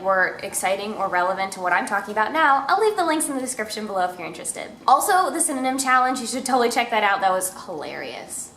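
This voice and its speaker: A woman's voice: on the high side, a bit bright, a little hiss or hum. A young woman reviewing books in a casual, chatty way, with self-mocking asides, talking at home. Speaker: book vlogger. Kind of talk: casual book review chat. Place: home room with a cat. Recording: echoey room.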